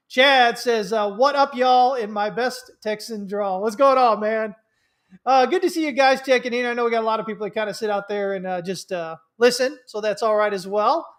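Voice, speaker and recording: Guy hosting a trading stream, kinda high voice, rambly, lots of uhs, bit stuffy from allergies. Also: fairly bright tone. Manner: rambling, many fillers and restarts. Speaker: livestream host, trading mentor. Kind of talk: casual livestream market commentary.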